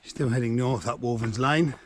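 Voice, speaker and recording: A man's voice: medium pitch, moderate pace, background noise. A middle-aged man guiding a walk outdoors on woodland lanes, talking while hiking and giving directions with dry jokes. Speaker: walking guide. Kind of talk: casual walking vlog narration.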